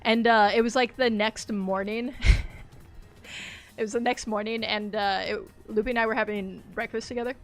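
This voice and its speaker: A woman's voice: fairly high pitch, steady tone, normal speed, soft background music. A woman chatting casually on a game live stream, rambling, laughing often and reacting aloud to the game. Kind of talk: casual live-stream chat while gaming.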